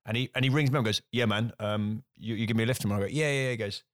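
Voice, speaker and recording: A man's voice: on the low side, racing, a bit bright, no echo, clean studio sound. A man telling a comic story in casual podcast chat, swearing freely and mimicking the people in it. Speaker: comedian guest.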